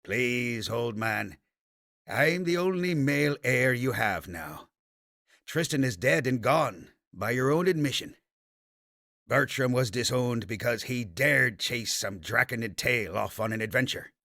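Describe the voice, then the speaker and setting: A man's voice: medium pitch, lively intonation, measured pace, vocal fry, sharp tone, dry recording, clean studio sound, exaggerated voice. A man voicing a sneering noble son. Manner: sneering and contemptuous. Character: scornful arrogant disinherited noble son.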